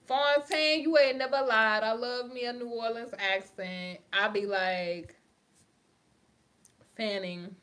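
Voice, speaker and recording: Young woman, New York accent, livestream host, animated, slangy, laughs a lot. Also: a little high, takes it slowly. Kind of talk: casual livestream chat reading comments.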